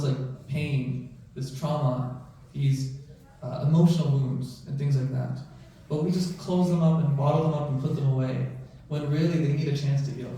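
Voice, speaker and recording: A physician speaks conversationally to an audience in a large mosque prayer hall, frequently checking in with "right?" and "you know." His voice is mid-range and mellow. It sounds distant, with heavy hall echo.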